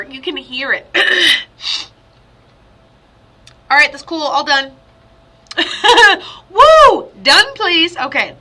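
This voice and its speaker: Bright, high-voiced woman medium. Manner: chatty and rambling, with sudden excited outbursts. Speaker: psychic medium. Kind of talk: spirit reading for a client. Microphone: video call.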